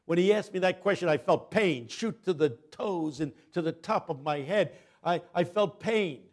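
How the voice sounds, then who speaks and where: An older man giving a sermon as a guest preacher, telling a story dramatically, dropping to a hush and then rising loud as he acts out the people in it. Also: sits high, expressive, moderate pace, hardly any pauses. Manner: dramatic storyteller, swings from hushed to loud, acts out quoted voices.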